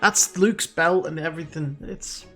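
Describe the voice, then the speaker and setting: A man hosting a reaction video, gushing with excited fan exclamations in casual commentary. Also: on the high side, unhurried. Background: faint show soundtrack music.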